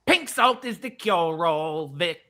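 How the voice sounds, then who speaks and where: A man's voice: a little high, lively intonation, takes it slowly, sharp tone, exaggerated voice. A man putting on a country voice as a rowdy rural man who rants and pushes a cure-all. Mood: ranting. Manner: rowdy, ranting, pushy.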